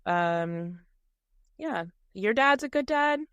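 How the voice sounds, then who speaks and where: A woman co-hosts a podcast, chatting casually and telling stories with lots of laughter in a giggly, animated way. Her voice is mid-range and smooth, and she speaks slowly. The recording is muffled but has no echo.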